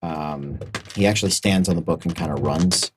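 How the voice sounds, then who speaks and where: A man's voice: low-pitched, moderate pace, a little hiss or hum. A man narrating as game master of a live-streamed tabletop game, rambling loosely with many fillers.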